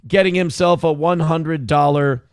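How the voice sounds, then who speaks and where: A male morning-show host with a voice that sits a little high for a man, talking in loose, profane banter. He laughs easily and reads out chat messages as he goes. The sound is dry and close, with no room around it. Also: fairly even intonation, moderate pace, smooth, no room sound.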